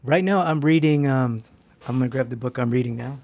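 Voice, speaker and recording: Man, art instructor on a live stream; chatty, animated, self-mocking, filler-heavy. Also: mid-range voice, brisk. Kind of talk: live-stream drawing demo, answering chat.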